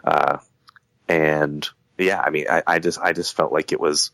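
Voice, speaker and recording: A man's voice: very deep voice, fairly even intonation, a little slow, gravelly, a bit bright, no room sound, poor audio. A man in a casual podcast conversation, talking in a heated, rambling way with lots of restarts. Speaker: podcast guest.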